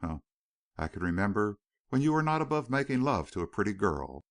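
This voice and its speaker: A man's voice: fairly low pitch, very animated, a little fast, gravelly. A male narrator voicing a proud, coquettish young city woman in an audiobook. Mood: poised.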